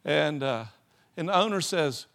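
A man preaching a sermon, telling stories in a rambling, animated way and often restarting his sentences. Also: a little high, unhurried. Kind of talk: sermon with storytelling.

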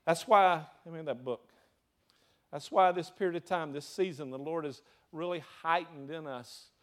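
A man's voice: fairly high pitch, moderate pace. A man with a Southern US accent preaching a sermon, throwing rhetorical questions to his congregation. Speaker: pastor.

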